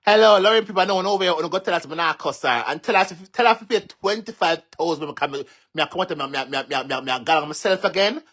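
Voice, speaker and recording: Man, Jamaican accent, bright tone, mocking rant, cursing, repetitive taunts. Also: fairly high pitch, fast, hardly any pauses. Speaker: social media commentator. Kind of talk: ranting live-stream monologue.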